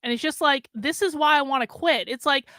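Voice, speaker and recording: A woman's voice: sits high, fairly quick, pushed and bright, no room sound. A woman ranting on her vlog, exasperated and swearing freely, repeating herself and cutting in with strings of refusals. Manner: exasperated, profane, repetitive venting. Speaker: vlogger.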